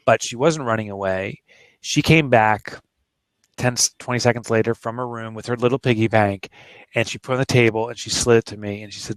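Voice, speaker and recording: A man's voice: medium pitch, fairly even intonation, brisk, a bit bright, smooth, no room sound. Earnest man telling a personal story. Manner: earnest, emotional, plain-spoken. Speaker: author and guest. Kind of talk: candid personal story in an interview.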